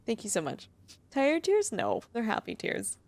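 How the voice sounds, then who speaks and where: A woman's voice: a little high, wildly swooping pitch, moderate pace, dry recording. A young adult woman streaming live, chatting with her viewers, emotional and close to tears, laughing often. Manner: emotional, gushing, laughs a lot, near tears. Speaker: livestreamer. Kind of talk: casual livestream chat reading to viewers.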